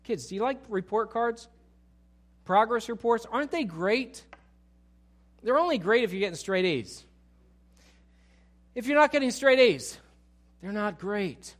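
Animated high-voiced male preacher. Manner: animated, swings from quiet asides to loud excited outbursts. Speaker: pastor. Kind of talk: sermon.

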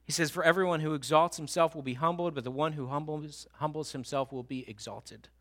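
Bright, high-voiced preaching man. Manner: animated preaching, rising loud and high, then dropping to hushed, slow intensity. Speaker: pastor. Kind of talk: sermon.

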